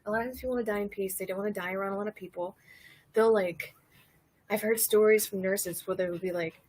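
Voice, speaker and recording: A woman from Louisiana hosting a casual comedic monologue, rambling and cursing and laughing her way through dark topics. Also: mid-range voice, steady tone, quick pace, slightly rough, rough recording. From Louisiana, USA. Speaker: host.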